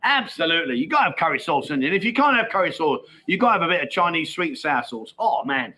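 A man's voice: a little high, big pitch swings, fast talker, pushed and bright, rough recording. A middle-aged man hosting a casual livestream, chatting and reading out viewer comments in a matey, laughing way. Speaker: livestream host. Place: Pattaya, outdoors.

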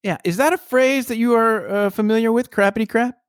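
A man's voice: extremely high pitch, fairly quick, clean tone, dry recording, clean studio sound. A man co-hosting a podcast in casual chat, playful and wry, musing aloud about words. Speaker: podcast co-host.

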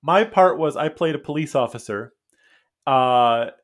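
A man's voice: a little high, unhurried. A man, a podcast guest, telling long anecdotes in casual chat, rambling off on tangents and chuckling as he goes. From United States. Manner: rambling, self-interrupting, chuckles through anecdotes. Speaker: podcast guest, comic book author. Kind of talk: casual interview storytelling.

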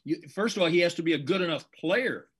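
Veteran male sports announcer, older, breathy edge to a raised voice, analytical interview guest. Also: a little high, expressive, fairly bright tone. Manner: measured, analytical, emphatic.

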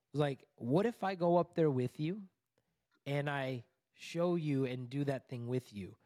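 A man in his thirties, a coach, telling a personal story in a casual interview, animated and conversational with lots of "like" and "bro". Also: medium pitch, a little slow, no room sound, clean studio sound. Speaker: divorce recovery coach, podcast guest.

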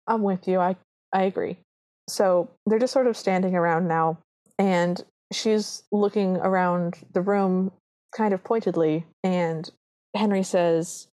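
A woman co-hosting a podcast speaks at a moderate pace in a fairly low voice. She casually recaps a film, retelling scenes in an animated way and quoting characters' lines in a lightly altered voice.

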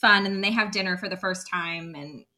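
A woman co-hosting a podcast, rambling excitedly through a book recap with lots of restarts. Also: fairly low pitch, a little fast. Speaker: podcast co-host. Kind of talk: casual chat, recapping a book.

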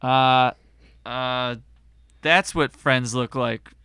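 A man co-hosting a casual podcast chat, goofy and quick to laugh at his own jokes. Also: mid-range voice, steady tone, sharp tone, slight background noise. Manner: goofy, jokey, giggly. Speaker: podcast co-host.

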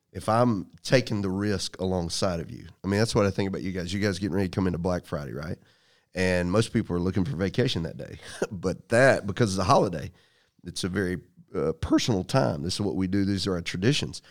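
Deep-voiced man telling folksy stories. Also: fairly quick. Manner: folksy, preacherly storyteller. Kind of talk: casual conversation with storytelling.

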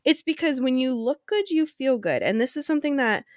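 A woman's voice: high-pitched, lively intonation, a little fast, dry recording, studio quality. A young adult woman, a therapist co-hosting a podcast, chatting casually with frequent fillers. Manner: chatty, lots of fillers and laughter. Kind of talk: casual chat.

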